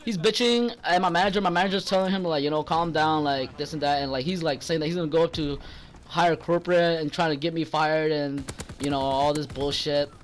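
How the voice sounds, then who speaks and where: There's slight background noise as a young man with a somewhat high voice talks fairly quickly and with fairly even intonation. A gaming channel vlogger, he's casually recounting a rude customer at work, swearing, rambling, and getting heated when he quotes what he said.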